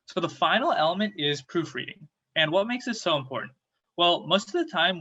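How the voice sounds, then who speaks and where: A young man presents his part of a student workshop over a video call, reading steadily from a script. His voice is bright and fairly high for a man. The audio sounds dull and lo-fi.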